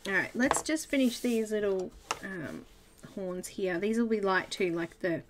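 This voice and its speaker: A woman's voice: medium pitch, a little slow, slight background noise. An Australian woman hosting a live colouring stream, chatting casually and laughing often. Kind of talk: casual chat while colouring.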